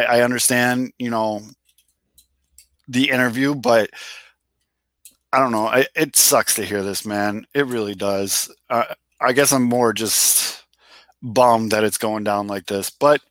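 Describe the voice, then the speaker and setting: Bright-ish and mid-range, this man's voice comes through without echo. Co-hosting a laid-back sports podcast, he rambles conversationally, restarting sentences and occasionally swearing.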